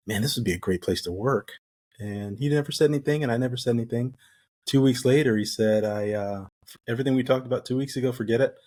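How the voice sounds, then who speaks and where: A middle-aged man from the United States, a guest on an interview, telling his story casually and acting out the dialogue he quotes. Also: on the low side. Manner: animated storyteller who acts out quoted dialogue. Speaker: guest, retired Navy SEAL.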